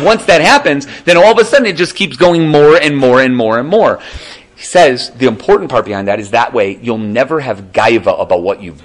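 A man giving a casual Torah class, animated and conversational, often checking in with the listener. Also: mid-range voice, poor audio. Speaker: Torah teacher.

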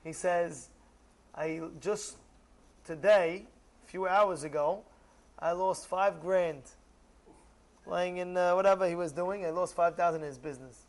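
High-voiced, animated rabbi giving a sermon. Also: male voice, a little slow, long pauses. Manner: animated, swings from hushed storytelling to loud outbursts.

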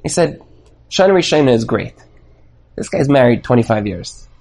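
A man delivers a Torah lesson as an energetic sermon. His voice rises and falls widely as he leans into emphatic rhetorical questions. The delivery is persuasive and sustained. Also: mid-range voice, normal speed, slight background noise. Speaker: rabbi teaching a Torah class.

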